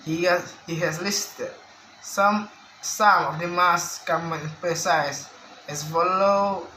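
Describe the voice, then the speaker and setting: Slow, bright-voiced man reading a lesson. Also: fairly high pitch, fairly even intonation. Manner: slow, careful reading of word lists with restarts. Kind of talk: reading a phonetics lesson aloud. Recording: echoey room with faint background hiss.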